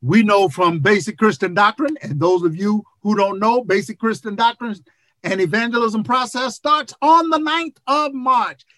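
A preacher of about seventy delivering an impassioned sermon over a video call, repeating phrases and building to shouts. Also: mid-range voice, moderate pace, no echo. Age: 70s.

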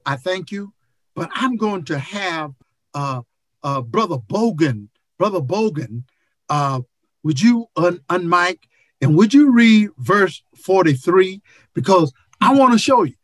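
A preacher of about seventy delivering an impassioned sermon over a video call, repeating phrases and building to shouts. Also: medium pitch, no echo. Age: 70s.

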